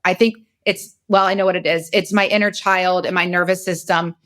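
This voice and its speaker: A woman's voice: fairly low pitch, little pitch movement, fairly quick, a bit bright. A woman in her forties hosting a podcast, telling a personal story in a candid, emotional, rambling way, and sounding very tired. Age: 40s. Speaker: podcast host.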